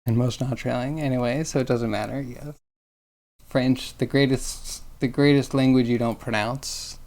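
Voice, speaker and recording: A man's voice: mid-range voice, fairly even intonation, moderate pace, a little mellow. A man streaming as he sculpts, musing aloud in a rambling way and chuckling now and then. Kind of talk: casual talk while sculpting on stream.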